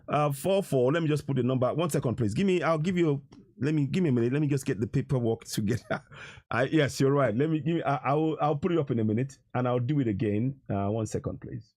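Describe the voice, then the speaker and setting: A Nigerian man hosting a live stream, talking earnestly and emotionally in a rambling way, with many restarts. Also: fairly high pitch. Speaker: live stream host taking calls. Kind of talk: casual live-stream talk.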